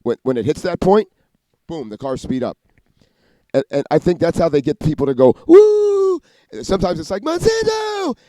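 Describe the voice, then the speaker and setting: Guy ranting a mile a minute, lots of swearing and restarts, dark mellow voice, dry close mic. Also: medium pitch, expressive, no room sound. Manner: rapid, profane, restarts and jumps between ideas. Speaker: vlogger. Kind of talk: rambling monologue to camera.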